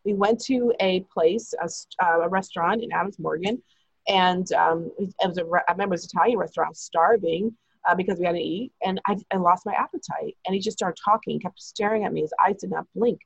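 A woman recounts a long personal story in a rambling, breathless way, slipping into the voices of the people she quotes. Her voice is husky, and the recording is dry and a little dull, with no room sound. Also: on the low side, fairly quick, no echo. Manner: chatty, breathless retelling with quoted dialogue. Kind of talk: casual storytelling.

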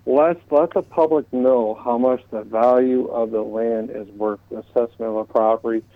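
A man calling in to a talk radio show, speaking earnestly and haltingly and repeating words as he makes his point. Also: medium pitch, fairly even intonation, no room sound, narrow, tinny audio. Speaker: caller. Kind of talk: call-in radio chat. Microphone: telephone line.

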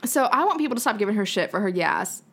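A woman's voice: mid-range voice, very animated, fast, fairly bright tone, slightly rough. A young woman co-hosting a podcast in casual chat, frank and opinionated, swearing freely. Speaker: podcast co-host.

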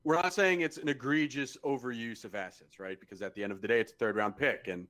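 A man's voice: mid-range voice, fast talker, fairly bright tone. A man co-hosting a casual sports podcast, talking bluntly and analytically and swearing freely. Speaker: podcast co-host.

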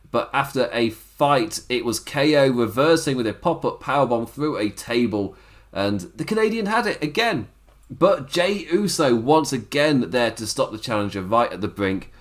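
A man giving a casual solo review of a wrestling show, chatty and loose, laughing often between points. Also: medium pitch.

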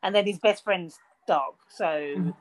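A woman, the mother in a casual family chat, calmly explaining what happens in a film. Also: fairly low pitch, slow.

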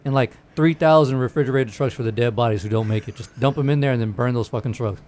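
A man's voice: mid-range voice, fast, slight background noise. A man hosting a casual podcast, swearing freely and often breaking into laughter as he banters. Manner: profane, laughs often, loud bursts when joking. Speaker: podcast host.

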